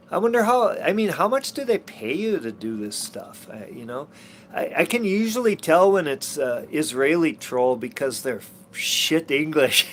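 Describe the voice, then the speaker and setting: A man reading tarot cards on a livestream, talking in a halting way with many restarts and fillers, and turning scornful at times. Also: mid-range voice, a little hiss or hum. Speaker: tarot reader and channel host.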